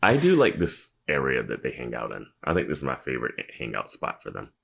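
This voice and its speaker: Male co-host, extremely low and gravelly, lively pitch, relaxed opinion-sharing chat. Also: a little fast. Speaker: podcast co-host. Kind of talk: casual TV episode recap chat.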